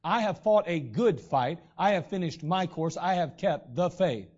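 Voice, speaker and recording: Man, pastor preaching a sermon, fairly high voice, throat clearing, dull lo-fi sound. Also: expressive, measured pace, a little mellow. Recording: dull lo-fi recording.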